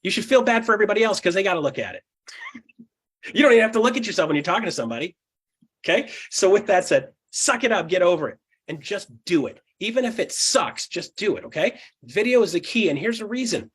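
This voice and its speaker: Fast-talking husky male real estate coach. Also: high-pitched, big pitch swings. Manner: fast and punchy, with frequent tag questions; acts out dialogue with clients. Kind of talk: energetic teaching talk.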